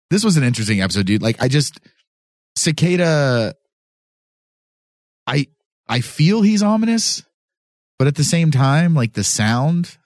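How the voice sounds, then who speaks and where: A man's voice: medium pitch, dry recording. A young man hosting a casual podcast in a small studio, loose and joking, rambling with restarts. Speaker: podcast host.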